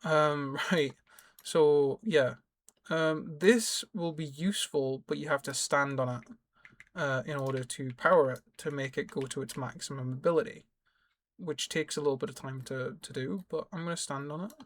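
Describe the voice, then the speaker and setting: A man's voice: on the high side, fairly even intonation, normal speed. Man rambling through a game tutorial. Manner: rambling, self-correcting, explains as he plays. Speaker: gaming YouTuber. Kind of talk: casual gameplay tutorial commentary.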